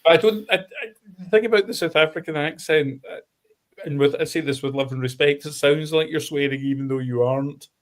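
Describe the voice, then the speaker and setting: A man's voice: fairly high pitch, brisk. A man chatting as a podcast guest from a hotel room, easygoing and jokey. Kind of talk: casual chat.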